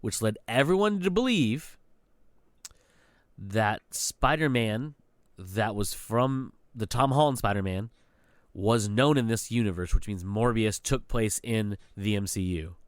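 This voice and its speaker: A man co-hosting a podcast, laying out a movie argument in an animated way and checking for agreement often. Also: fairly low pitch, measured pace, dry recording, studio quality. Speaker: podcast co-host. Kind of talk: casual movie review chat.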